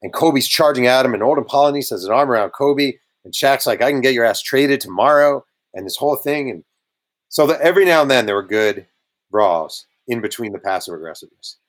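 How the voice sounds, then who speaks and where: Man telling lively sports anecdotes. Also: mid-range voice, a little fast. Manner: animated anecdote telling with quoted voices. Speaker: guest author. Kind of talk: casual storytelling interview.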